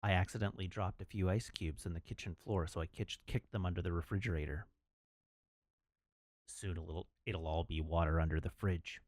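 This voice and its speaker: A man's voice: low voice, fairly even intonation, a little fast, darkish tone, no echo, clean studio sound. A man chatting casually on his livestream, laughing and reading out chat messages.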